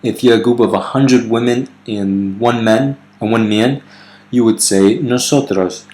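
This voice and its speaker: A man's voice: mid-range voice, a little slow, a little mellow. A man explaining grammar in a video lesson, loose and unscripted, with fillers and self-corrections, reading foreign example sentences aloud. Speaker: language teacher.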